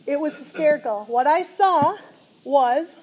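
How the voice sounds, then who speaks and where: A middle-aged woman preaching a sermon, telling a story with lively, laughing energy. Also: high-pitched, measured pace. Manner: animated storytelling, laughing as she recounts a vision.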